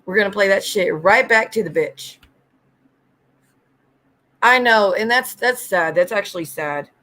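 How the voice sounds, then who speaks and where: A woman's voice: medium pitch, expressive, measured pace, sharp tone. Blunt, profane woman livestreaming. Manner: blunt, profane, greets chat viewers by name. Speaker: livestream host. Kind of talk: casual livestream rant.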